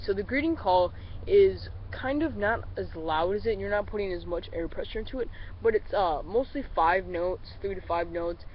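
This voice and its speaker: Slightly sick man teaching duck calls. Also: high-pitched. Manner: relaxed, rambling, addresses viewers as guys. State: a little sick. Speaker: duck calling instructor. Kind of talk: casual tutorial. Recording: slightly dull lo-fi recording with faint vehicle noise.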